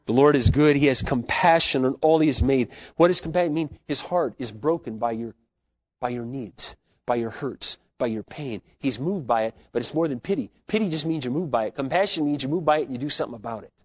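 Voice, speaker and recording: A man preaching a sermon as pastor, swinging between loud, fervent declarations and soft, hushed asides. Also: medium pitch, a little fast, dry recording. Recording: dull, lo-fi sermon recording.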